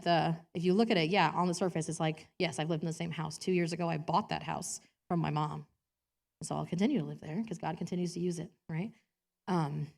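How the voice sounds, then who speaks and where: A woman's voice: fairly low pitch, creaky, a little mellow. A woman preaching a personal sermon in a church, chatty and self-deprecating, laughing often and acting out quotes in different voices.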